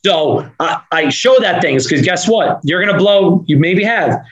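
A man with a Northeastern US accent, a podcast guest talking fast and with energy in run-on sentences. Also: sits high, lively intonation, a bit bright, muffled recording. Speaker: podcast guest, business owner. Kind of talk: fast casual interview talk.

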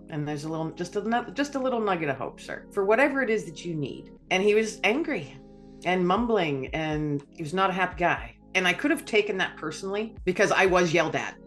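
A woman guest on a podcast, telling a personal story in a lively way, acting out dialogue and laughing often. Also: fairly low pitch.

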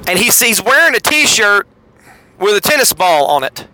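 A man's voice: moderate pace, rough recording. A middle-aged man, telling a wry, sarcastic story in a casual podcast monologue. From Southeastern United States. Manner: wry, sarcastic storyteller with lively pitch swings. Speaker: podcast host.

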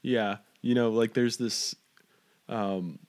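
A man's voice: fairly low pitch, takes it slowly, darkish tone. A man from Fort Stockton hosting an interview, rambling and stumbling over his words. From Fort Stockton, Texas. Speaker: interviewer host. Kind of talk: casual interview.

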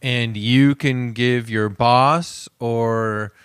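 A man's voice: mid-range voice, fairly even intonation, fairly bright tone, smooth, no echo. Jokey man co-hosting a podcast. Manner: jokey, quick interjections. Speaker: podcast co-host. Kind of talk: casual comedy chat. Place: office warehouse room.

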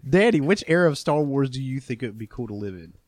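A man's voice: mid-range voice, expressive, fast talker. A man hosting a casual group chat, asking the others questions and musing along. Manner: inquisitive, prompts the others with questions. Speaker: podcast host.

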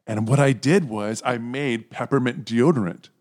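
A young man co-hosting a podcast, telling a story in a casual chat and jumping into high silly voices to act out moments. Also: normal speed. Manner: animated, jumps into high silly voices when acting out moments. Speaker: podcast co-host.

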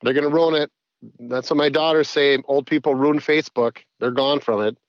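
A man's voice: medium pitch, steady tone, moderate pace, dry recording. A middle-aged man co-hosting a podcast in casual comedic chat, rambling playfully and joking around. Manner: rambling, playful, does auctioneer patter. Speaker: podcast co-host. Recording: slightly dull, dry sound.

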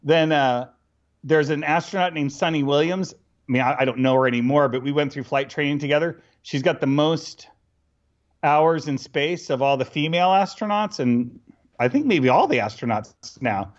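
Middle-aged man, animated storyteller, lo-fi. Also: fairly high pitch, normal speed. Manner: animated, acts out dialogue with laughs. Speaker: interview guest. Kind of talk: casual storytelling. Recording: dull lo-fi recording.

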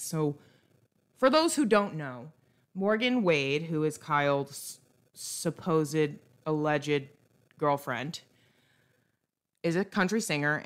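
A young woman co-hosting a podcast, chatting casually and ranting bluntly about celebrity gossip. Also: low-pitched. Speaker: podcast co-host. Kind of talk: casual chat.

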